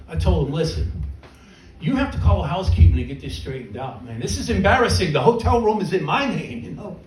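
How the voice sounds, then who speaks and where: A man's voice: high-pitched, big pitch swings, fairly quick, slight background noise. A middle-aged man doing a stand-up comedy set in a small club, telling self-mocking stories with punchlines. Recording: roomy venue, mic from a distance, laughing crowd. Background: audience laughter.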